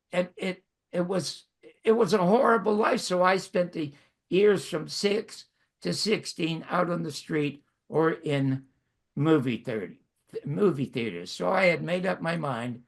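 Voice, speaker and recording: An elderly man in his nineties from Canada tells long stories about his own life in a wry, self-mocking way. His voice is gravelly and husky, set a little higher than most men's. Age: 90s. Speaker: host. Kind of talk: storytelling monologue.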